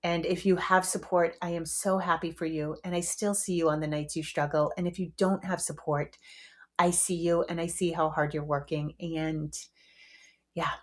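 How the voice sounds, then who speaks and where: A woman's voice: lowish voice, level tone, moderate pace. A middle-aged woman hosting her own podcast, talking frankly and casually with the odd swear word. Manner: frank and chatty, a swear here and there. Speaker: podcast host. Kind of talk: casual solo podcast talk.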